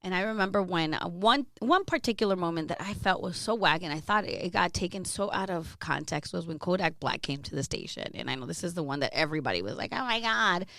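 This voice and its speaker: A woman radio host telling candid stories in a casual interview, animated and quick to laugh, swearing freely. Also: lowish voice, no echo, clean studio sound.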